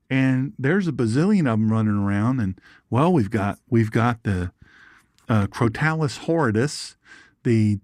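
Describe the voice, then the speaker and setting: Man, Bible teacher, folksy animated storyteller, gravelly voice, dry close sound. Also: medium pitch, no room sound. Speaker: Bible teacher and show host.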